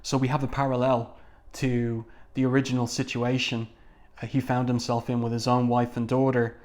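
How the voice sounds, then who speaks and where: A man talks casually through a comic, pausing often with hesitant fillers while he describes each scene. His voice sits at an ordinary middle pitch for a man. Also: monotone, darkish tone. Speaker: comic book reviewer. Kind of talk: casual commentary.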